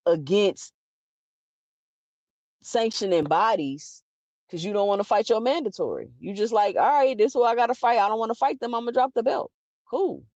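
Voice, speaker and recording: A woman with a mid-range voice delivers opinionated boxing commentary, animated and emphatic, firing off rhetorical questions and quickly restarting her sentences. The recording is dry, dull and lo-fi.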